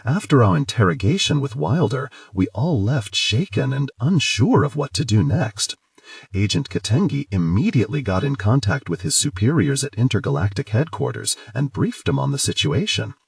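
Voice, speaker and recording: A man narrating a romance audiobook in first person, playful and expressive. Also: mid-range voice, normal speed, no echo, studio quality.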